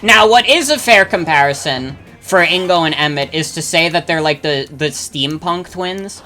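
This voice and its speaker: A young adult streamer talks through a game session in a loose, filler-packed ramble, swearing freely and answering chat. The voice is bright and forward. Game music plays faintly underneath. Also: medium pitch, moderate pace. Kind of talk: casual chat while gaming, reading chat.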